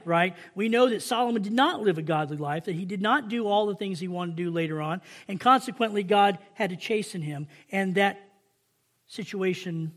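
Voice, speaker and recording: High-voiced Southern preacher. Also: male voice, a bit bright. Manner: reads scripture slowly and emphatically, then chats with the congregation. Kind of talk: sermon.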